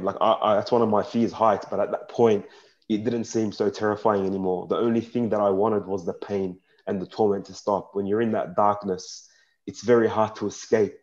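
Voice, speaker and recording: A man's voice: fairly low pitch, fairly even intonation, darkish tone. Earnest young man speaking frankly, lo-fi. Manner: frank and earnest, halting and emotional in places. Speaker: panel speaker. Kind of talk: personal testimony at a panel talk. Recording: dull lo-fi sound.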